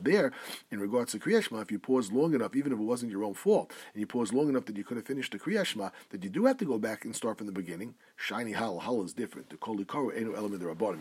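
A man teaching a halacha lesson, reading Hebrew text slowly and then explaining it in English. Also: on the low side, darkish tone, slightly rough. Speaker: Torah teacher.

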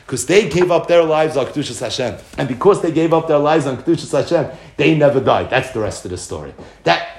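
Animated man giving a Torah class. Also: fairly high pitch, fairly quick, few pauses, slight background noise. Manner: animated storytelling, often chuckling. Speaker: Torah teacher. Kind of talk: Torah lecture. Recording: echoey room.

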